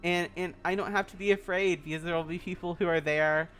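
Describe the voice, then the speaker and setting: A woman from the Southern United States, a VTuber talking on her stream in an earnest, halting, rambling way. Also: fairly low pitch, steady tone, a bit bright, faint music behind. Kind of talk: casual personal stream talk.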